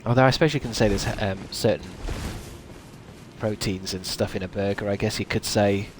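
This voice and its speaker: A man's voice: lowish voice, normal speed, slight background noise. A man streaming a game, musing aloud in casual, rambling chat with many restarts.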